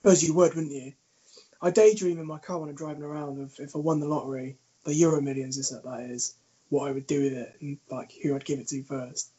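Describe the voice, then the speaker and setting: In dull lo-fi audio, a male podcast co-host with a somewhat high, slightly rough voice talks a little fast. He chats casually, swears without restraint, and laughs plenty while telling animated stories.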